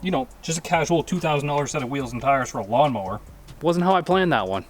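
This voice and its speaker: A man's voice: on the high side, animated, fast. Joking guy in echoey garage. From Canada. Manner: joking, offhand, mildly profane. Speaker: vlogger building a drag lawnmower. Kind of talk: casual workshop vlog. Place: home garage workshop. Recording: echoey garage, faint noise.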